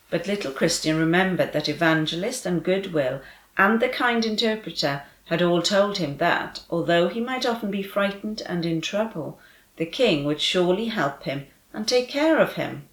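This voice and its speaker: A woman's voice: fairly low pitch, animated, normal speed. Woman reading aloud to children. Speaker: children's story reader and devotion host. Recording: echoey room.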